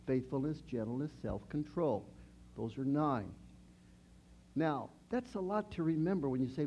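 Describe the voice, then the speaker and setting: A man's voice: fairly high pitch, mellow, lo-fi sound, slight background noise. A man in his sixties preaching a conversational sermon, chatty, asking the congregation questions. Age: 60s.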